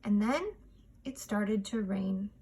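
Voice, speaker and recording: A woman reading a children's picture book aloud, expressive and measured. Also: mid-range voice, slightly rough. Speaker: storytime reader.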